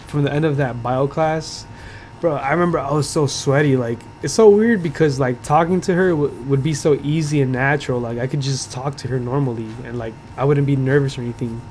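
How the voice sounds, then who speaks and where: A man's voice: medium pitch, darkish tone, a little hiss or hum. A young man hosting a podcast, telling a school story in loose, profane talk, full of "like" and laughter. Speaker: podcast host. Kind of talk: casual storytelling.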